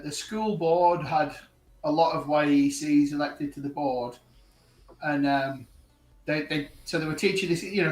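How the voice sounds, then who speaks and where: A man on a casual online panel, ranting with animated energy and laughing at his own story, heard over a video call. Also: a little high, recorded from a distance. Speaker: panel guest. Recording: roomy echo, from the mic.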